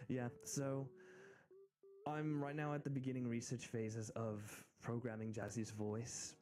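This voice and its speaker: A man's voice: medium pitch, level tone, takes it slowly, pauses often, dark tone. An American man streaming, chatting casually and rambling with frequent restarts and giggles. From United States. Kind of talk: casual live-stream chat. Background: faint background music.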